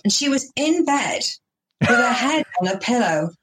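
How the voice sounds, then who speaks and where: A woman's voice: fairly high pitch, normal speed, slight background noise. A woman from the UK, a comedian, telling stories in a podcast conversation over a video call and acting out quotes. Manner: animated storyteller, acts out quotes. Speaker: comedian guest.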